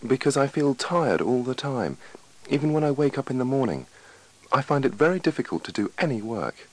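A man's voice: medium pitch, sing-song, a little fast, darkish tone, voice pushed up, low-quality recording. A man reading the part of an anxious, overworked patient in a scripted lesson dialogue, in a plaintive, pleading way. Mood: worried.

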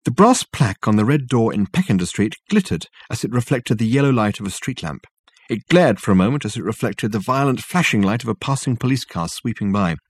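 A man narrating an audiobook in a measured, wry storytelling manner. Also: on the low side, expressive, breathy edge, dry recording. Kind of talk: scripted narration.

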